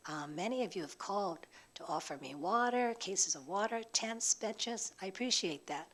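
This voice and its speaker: A woman, a labor secretary testifying at a legislative hearing, hoarse and impassioned under stress. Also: medium pitch. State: hoarse, emotional.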